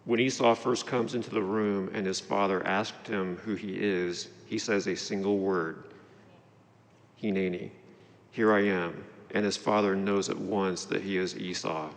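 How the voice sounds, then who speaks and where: A man, a congregant, reading a passage aloud carefully and a little haltingly. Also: low voice, steady tone. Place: large synagogue sanctuary. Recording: long hall reverb from a live broadcast.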